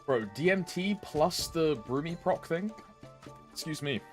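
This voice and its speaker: Male game streamer, casual and jokey, unhurried delivery, scats between lines. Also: fairly high pitch, faint music behind. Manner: joking, swearing, scat-humming to himself.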